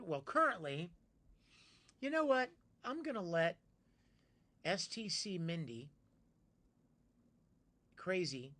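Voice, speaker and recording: Streaming live from home, a man with a bright, ringing, high-sitting voice chats with viewers. He playfully greets people by name in sudden bursts of excitement, then eases into joking banter.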